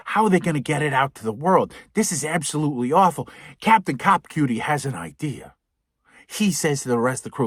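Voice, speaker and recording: A man hosting a podcast who gives a profane, sarcastic comedic movie recap and drops to a hushed whisper for tense moments. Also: a little high, slightly rough, dry recording, clean studio sound. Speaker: podcast host.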